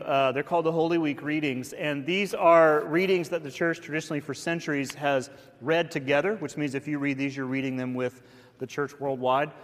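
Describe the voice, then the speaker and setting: A man's voice: fairly high pitch, fairly bright tone, long reverb tail. A man, the church's pastor, telling a funny story and making announcements in a casual, self-deprecating way. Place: church sanctuary.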